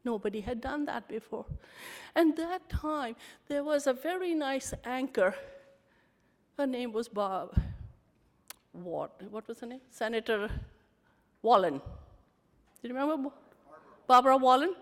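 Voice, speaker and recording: A middle-aged woman giving a candid, animated storytelling talk at a conference. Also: a little high. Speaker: conference speaker. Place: conference hall. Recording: reverberant hall.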